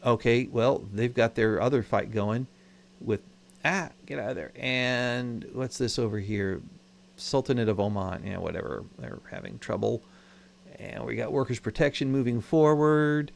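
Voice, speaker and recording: A man's voice: medium pitch, moderate pace, gravelly. A man hosting his own channel, giving casual, wry commentary while he plays a strategy game and thinks aloud about his moves. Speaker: gaming channel host.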